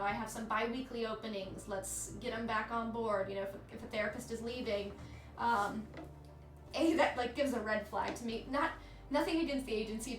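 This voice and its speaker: Woman, 30s, streamer, casual chat, candid, swears, slightly high, echoey room. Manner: candid, chatty, swears freely. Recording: echoey room with faint music.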